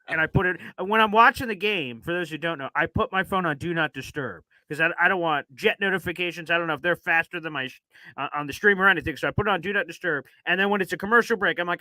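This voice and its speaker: A man hosting a casual sports talk show, telling stories in an animated way and acting out his own reactions. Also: a little high, quick pace, no room sound. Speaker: podcast host.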